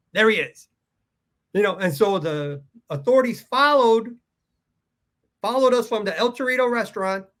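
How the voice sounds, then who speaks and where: A man's voice: high voice, a bit bright. A man from Southern California telling a story casually as a podcast guest, swearing freely, laughing at his own anecdotes and acting out other people's lines. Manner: profane, acts out quotes in character voices.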